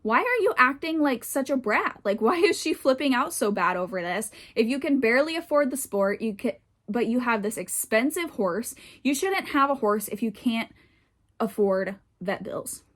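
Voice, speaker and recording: A woman's voice: fairly high pitch, lively intonation, normal speed. Chatty, rambling woman podcast host. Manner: chatty and rambling with frequent fillers. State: getting winded and tired. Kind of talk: casual chat reacting to online posts.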